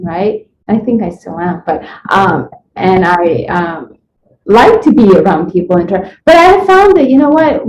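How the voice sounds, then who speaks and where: A woman being interviewed, telling a personal story in a rambling, animated way and acting out what people said to her. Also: a little high, slight background noise. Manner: rambling, animated retelling with acted-out quotes. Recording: echoey room, dull lo-fi sound.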